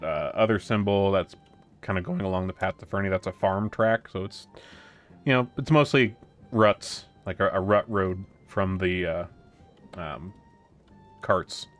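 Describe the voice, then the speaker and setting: A man narrating a tabletop game as game master, rambling with many pauses and restarts. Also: low-pitched, fairly bright tone, faint music behind.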